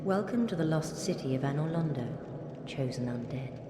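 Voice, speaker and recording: A woman voicing a mysterious female keeper of a bonfire in a fantasy video game, speaking in formal, archaic, measured lines. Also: sits low, lively intonation. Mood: solemn. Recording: echoey game audio with long reverb and hiss.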